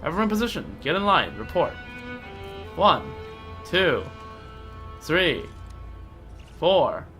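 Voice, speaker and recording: A man's voice: a little high, very animated, slow pace, long pauses, faint music behind, exaggerated voice. A man voicing a bossy male military drill commander who barks orders at recruits in a game. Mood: commanding. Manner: barking orders, yelling.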